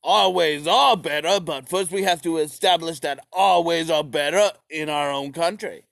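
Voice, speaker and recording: A callous male dictator, as a man puts him on, barking out blunt, brutal orders. His voice stays close to the performer's own, just louder and gravelly. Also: a little high, normal speed, no room sound.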